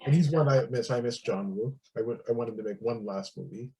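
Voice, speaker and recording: A man co-hosting a podcast in casual chat, relaxed and matter-of-fact. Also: mid-range voice, a little fast, slight background noise, low-quality recording. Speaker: podcast co-host.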